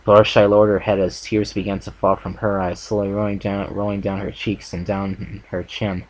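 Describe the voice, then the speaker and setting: Low-voiced man reading a fanfic aloud. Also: level tone, normal speed, poor audio. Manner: plain reading with occasional stumbles and restarts. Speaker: channel host and fanfic reader.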